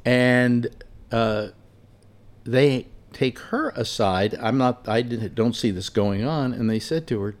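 A man telling a long personal anecdote in an animated, exasperated way, full of restarts. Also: medium pitch, takes it slowly. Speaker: storyteller. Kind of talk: casual anecdote told aloud.

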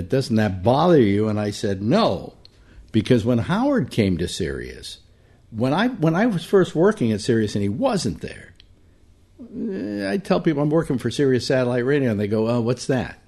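An older man and longtime radio host, reminiscing casually about his career and quoting other people along the way. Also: mid-range voice. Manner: animated, quotes other people in brief voices.

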